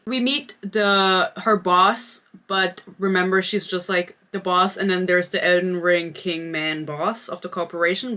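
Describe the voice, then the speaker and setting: Bright, sarcastic young woman reviewer. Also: on the low side. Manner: sarcastic, swears freely, mocks the book. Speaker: book reviewer. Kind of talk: casual book review chat.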